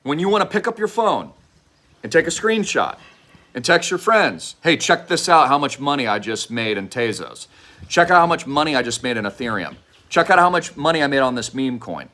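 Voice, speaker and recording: Man, fervent sales pitch, preachy and repetitive, bright forceful voice, fairly high pitch. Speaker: online show host pitching an investment project. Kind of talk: impassioned direct-to-camera pitch.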